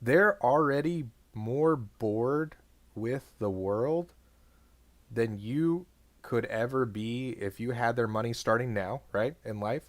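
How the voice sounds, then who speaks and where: A man's voice: medium pitch, slow, no echo. A young man chatting on a podcast, rambling and packing his sentences with "like". His voice sits in a middle range and the recording is close and dry, with no room sound. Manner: rambling, lots of "like", laughs often. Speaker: podcast co-host. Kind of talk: casual chat.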